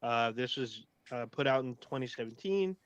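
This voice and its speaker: A man's voice: mid-range voice, animated, normal speed, a bit bright, clean tone, dry recording, muffled recording. Chatty man reading facts on a podcast. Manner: reads facts aloud with fillers, laughs easily. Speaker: podcast co-host. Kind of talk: casual podcast chat.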